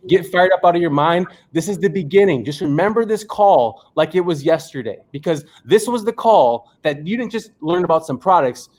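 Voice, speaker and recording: Young guy hyping everyone up on a call, preachy slogans, voice sits kinda high. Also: animated, darkish tone. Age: young adult. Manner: hyped, preachy, rapid-fire slogans. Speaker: co-founder giving a motivational talk. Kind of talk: motivational pep talk.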